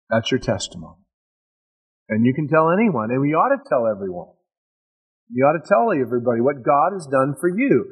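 A man's voice: a little high, slightly rough, poor audio. A man preaching a sermon in an enthusiastic, conversational way, often restarting his phrases.

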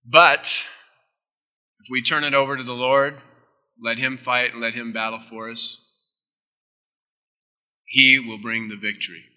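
A man preaching a sermon as pastor, emphatic, with sudden drops into soft, close asides. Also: medium pitch, steady tone, measured pace, long pauses, clear, resonant tone, big-room sound.

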